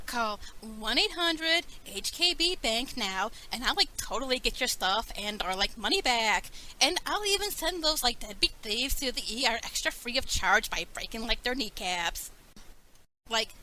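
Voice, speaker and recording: A woman's voice: fairly high pitch, pushed and bright, slight background noise, low-quality recording. A woman voicing a ditzy valley-girl debt collector in a comedic fake commercial, talking airily and filling every sentence with "like" and "totally". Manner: airy valley-girl talk, constant "like" and "totally".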